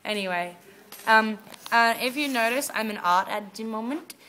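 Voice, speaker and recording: A woman's voice: on the high side, moderate pace, a little hiss or hum. A young Australian woman telling stories in a casual chat among friends. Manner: chatty storyteller, animated quoting. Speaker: vlogger.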